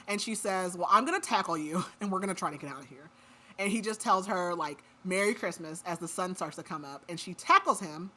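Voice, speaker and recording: Bright-voiced chatty woman. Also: medium pitch. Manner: chatty retelling full of "like" fillers. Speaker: podcast co-host recapping a book. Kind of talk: casual chat.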